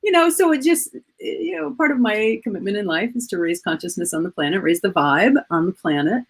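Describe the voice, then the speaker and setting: A woman in her fifties, a guest coach, chatting casually at home over a video call and telling animated stories. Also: lowish voice, a little fast, slightly rough. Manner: animated, acts out quoted voices. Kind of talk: casual storytelling chat.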